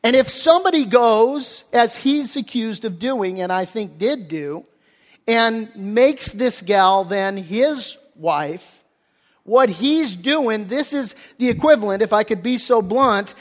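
A male pastor preaching a sermon in a casual, conversational way, with slangy paraphrases and frequent throat clearing. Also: high voice, measured pace, in a large hall.

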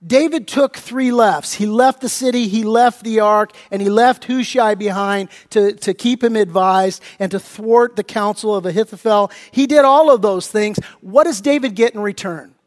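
High-voiced pastor preaching with hall reverb. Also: male voice, normal speed, few pauses. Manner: animated storytelling, acting out his family's voices. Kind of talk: sermon. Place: church sanctuary.

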